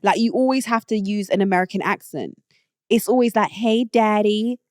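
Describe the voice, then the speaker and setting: A woman's voice: mid-range voice, expressive, fairly quick, darkish tone, dry recording, clean studio sound. A British woman hosting her own show, giving blunt, opinionated takes in a casual monologue that rises to indignant outbursts. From Britain. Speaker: show host.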